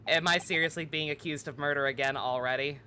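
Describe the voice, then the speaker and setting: A man's voice: fairly high pitch, fairly even intonation, fast, pushed and bright, a little hiss or hum. A man streaming a story game, reacting expressively, joking and swearing at the plot. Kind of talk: let's play commentary.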